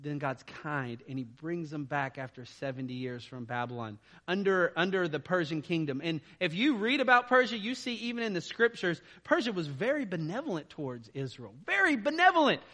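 A man's voice: fairly high pitch, expressive, a little fast, few pauses, fairly bright tone. A man preaching a sermon in a casual, conversational way, often checking in with the listeners. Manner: casual, conversational preaching with frequent "right?" and laughs. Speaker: pastor.

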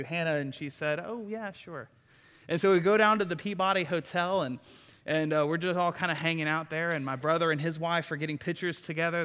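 A man's voice: a little high, fairly bright tone, long reverb tail. A young man preaching a sermon in an earnest, conversational way. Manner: earnest and conversational, with many restarts. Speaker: pastor. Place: church sanctuary.

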